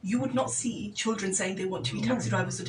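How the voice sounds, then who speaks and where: A woman's voice: medium pitch, a little fast, recorded from a distance. A woman guests on a community radio show and speaks with fluent, persuasive passion. She sits a little back from the mic, and a faint hiss runs behind her voice. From Birmingham, England. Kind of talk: casual radio discussion.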